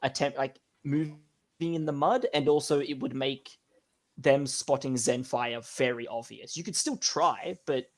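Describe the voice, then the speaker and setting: A man's voice: mid-range voice, a little slow. A man running a tabletop game as game master, rambling with restarts. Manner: rambling, many fillers and restarts.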